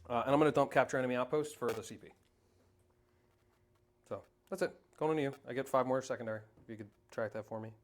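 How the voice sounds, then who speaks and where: A man in a relaxed live-streamed tabletop match, talking through the rules as he goes and working them out aloud. His voice sits at an ordinary middle pitch. A faint hiss runs under the recording. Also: quick pace. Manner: thinks aloud while checking rules. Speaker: tabletop wargame player. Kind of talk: casual live-streamed game chat.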